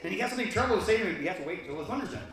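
A man telling a personal story live on stage, animated and full of restarts. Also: sits high, rapid-fire, heavy background noise. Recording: echoey hall from far off.

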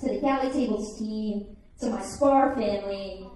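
A woman's voice: medium pitch, normal speed, dark tone. A woman in her twenties telling a personal story live, chatty and full of "like". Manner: chatty, peppered with "like". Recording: echoey room heard from a distance.

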